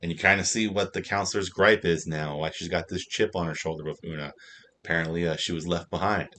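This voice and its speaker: A man's voice: low-pitched, fairly even intonation, brisk, sharp tone, a little hiss or hum. A man casually recapping and reviewing a TV episode, in a loose, rambling way with plenty of fillers. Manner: loose, filler-heavy retelling. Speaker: TV show reviewer.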